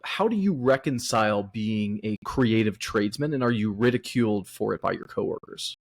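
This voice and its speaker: A man's voice: fairly low pitch, animated, moderate pace, gravelly. A man hosting a writers' podcast, asking thoughtful, reflective questions. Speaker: podcast host. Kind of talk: interview questions.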